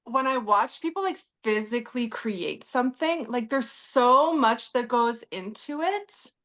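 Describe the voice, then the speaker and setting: A woman's voice: fairly high pitch, lively intonation, a little slow. A woman hosting a podcast interview, speaking reflectively with many filler words. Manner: reflective, heavy use of "like", warm and encouraging. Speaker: podcast host.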